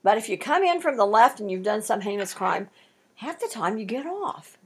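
A woman's voice: medium pitch, sing-song, normal speed, slight background noise. A woman teaching a Bible study, reading scripture aloud and commenting on it with strong emphasis.

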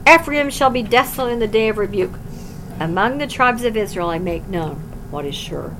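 A woman teaching a Bible study, reading scripture aloud and explaining it plainly, swinging from loud emphasis to quiet low asides. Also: animated, normal speed, a little hiss or hum, poor audio.

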